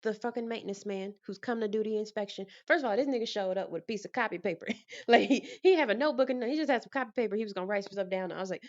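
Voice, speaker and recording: A woman vlogger in casual storytime mode, telling her story with lively energy and acting out the conversations. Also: medium pitch, racing, dull audio.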